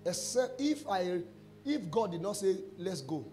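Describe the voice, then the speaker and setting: A Nigerian pastor with a noticeably high voice preaches through a string of testimony stories. He acts out each exchange in lively quoted dialogue and drops into pidgin phrases as he goes. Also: measured pace. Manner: animated storyteller acting out dialogue. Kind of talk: sermon testimony.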